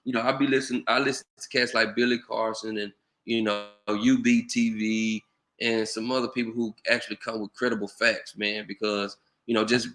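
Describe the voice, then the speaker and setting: Rambling man, bright voice. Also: fairly low pitch, little pitch movement, moderate pace. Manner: loose, conversational, lots of "you know". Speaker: channel host. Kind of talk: casual commentary monologue.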